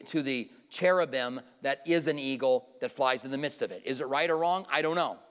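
A man's voice: fairly high pitch, fairly bright tone. A man giving an informal Bible teaching to a live audience, often putting questions to the listeners. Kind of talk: conversational sermon teaching. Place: church hall with a live audience. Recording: long reverb of a large hall.

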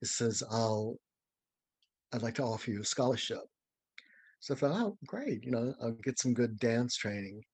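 An older man from St. Louis, a dancer being interviewed, telling a story with lively, acted-out quotes and chuckles. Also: medium pitch, normal speed, long pauses, breathy edge, dry recording. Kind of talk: anecdotal storytelling.

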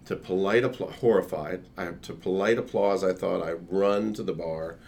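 A man with a deep baritone voice telling a lively anecdote in casual conversation. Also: normal speed, gravelly, a little hiss or hum. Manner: animated anecdote-telling with laughs and quoted voices. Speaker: guest. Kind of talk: casual storytelling.

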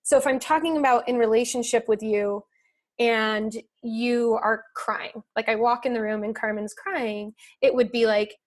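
A woman's voice: a little high, steady tone, normal speed. A woman speaking as a podcast guest, explaining her method in a thoughtful, earnest way with many fillers. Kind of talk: casual conversational explanation.

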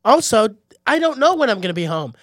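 A young man with a high, light voice in casual comedy chat, delivering outrageous jokes deadpan and rambling through asides. The sound is very dry and close, with no room behind it. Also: fast talker, dry recording. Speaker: podcast co-host.

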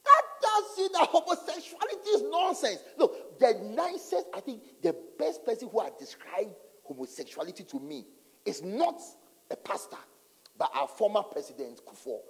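A very high-pitched male pastor, speaking at a moderate pace, gives a sermon full of dramatic, animated stories and acted-out voices and asides. The setting is a large church hall, and long reverb colors the sound.

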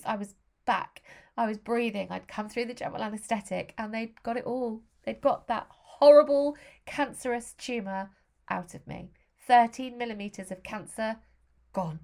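A woman's voice: mid-range voice, a little fast, gravelly, darkish tone. A middle-aged woman from Britain, candidly telling a personal story with feeling and acting out the voices of others.

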